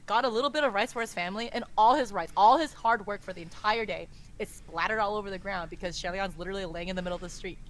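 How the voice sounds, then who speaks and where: A young woman co-hosts a casual book podcast at a mid-range pitch. She gushes with feeling and swears freely as she talks. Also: quick pace, few pauses, poor audio. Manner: emotional, swears freely, reads passages dramatically. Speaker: podcast co-host.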